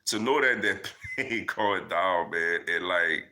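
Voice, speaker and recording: A man's voice: sits low, measured pace, sharp tone. A young man hosting a casual live Q&A, reading viewer comments and chatting loosely, with lots of "man" and "yo". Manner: loose and conversational, many fillers like "man" and "yo". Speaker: livestream host answering chat.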